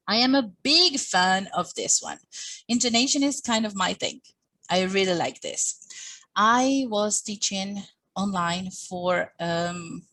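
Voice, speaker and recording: A woman giving a teacher training talk, speaking with lively, expressive intonation and acting out little quoted exchanges. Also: mid-range voice, low-quality recording. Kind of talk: teaching workshop presentation.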